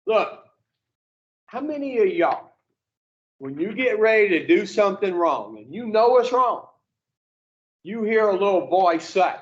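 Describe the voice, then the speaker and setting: Man, high-pitched, recovery group speaker, profane, rhetorical questions, muffled lo-fi sound. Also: very animated, a little slow, pauses often. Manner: profane, plain-spoken, fires rhetorical questions at the room. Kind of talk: blunt motivational talk to a group.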